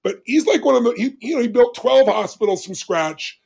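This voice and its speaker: A man's voice: animated, a little fast, creaky, darkish tone, slightly rough. A man in his sixties, a podcast guest telling stories in an emphatic, dramatic way. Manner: emphatic, dramatic storyteller with big swings of pitch. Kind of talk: animated storytelling in conversation.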